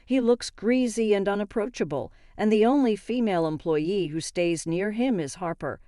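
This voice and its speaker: A woman reading a first-person story aloud in a steady, even manner. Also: medium pitch, moderate pace, no room sound, clean studio sound. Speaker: narrator.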